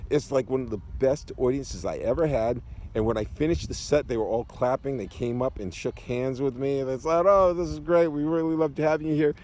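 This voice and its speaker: Speaking briskly in a mid-range voice, a man serves as a guest storyteller, recounting a lengthy, humorous tale from an old gig with slight background noise behind him. He tells it casually and animatedly, frequently laughing at his own jokes.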